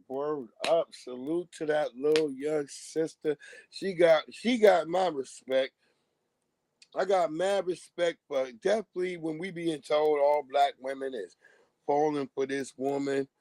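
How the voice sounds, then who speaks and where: A man's voice: medium pitch, darkish tone, no echo. Casting: male livestream host, emphatic and profane, dry close sound. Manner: emphatic, profane, calls the audience "family". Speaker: livestream host reacting to clips. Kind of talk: casual live-stream commentary.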